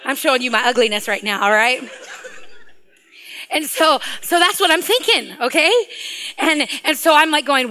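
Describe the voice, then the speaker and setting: A middle-aged woman, preaching a sermon and telling a personal story in an animated way, laughing often and swinging from hushed to loud. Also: high-pitched, moderate pace. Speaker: guest preacher.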